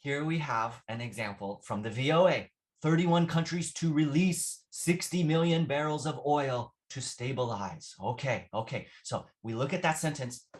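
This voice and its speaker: Male English teacher, mid pitch, patient explainer, repeats himself, checks in with "right?". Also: moderate pace, hardly any pauses. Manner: patient, repeats phrases, asks "right?" often. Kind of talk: classroom vocabulary lesson.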